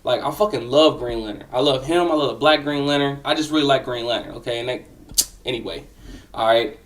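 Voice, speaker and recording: A man's voice: medium pitch, fairly quick, far from the mic. Slangy young man, mic set back. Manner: slangy, profane, talks straight to the listener. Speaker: storyteller. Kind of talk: casual personal storytelling.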